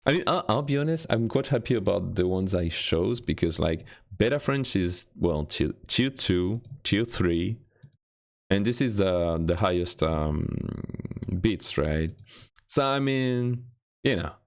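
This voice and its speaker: Making a game on a live stream, this man chats in a relaxed, self-mocking way, dropping to low mutters and then jumping to excited squeals. He keeps a measured pace.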